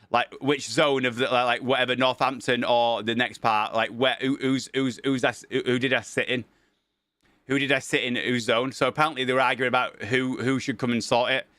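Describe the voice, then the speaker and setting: A man, a streamer casually telling a long story and acting out the dialogue with lively energy. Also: medium pitch, no echo. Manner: animated, acts out quoted dialogue.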